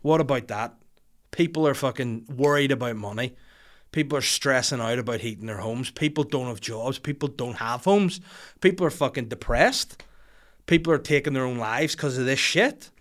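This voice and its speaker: Man, Northern Irish accent, comedic rant, swearing, exasperated, bursts of shouting. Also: medium pitch, moderate pace.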